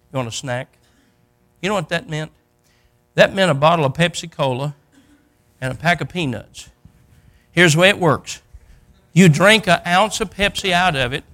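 An older man preaching a sermon, telling a Bible story in a folksy way and acting out the characters, rising to loud peaks. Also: on the high side.

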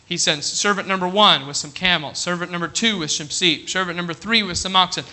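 To his church congregation, a high-voiced man preaches a sermon in a very bright, forceful tone. He repeatedly checks with the room, asking whether they're ready, and slows down and quiets his voice when reading scripture.

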